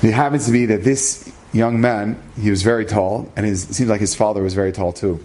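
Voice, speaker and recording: A rabbi telling an inspirational story in a lively, conversational way, using Hebrew terms along the way. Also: male voice, fairly low pitch, brisk, slight background noise.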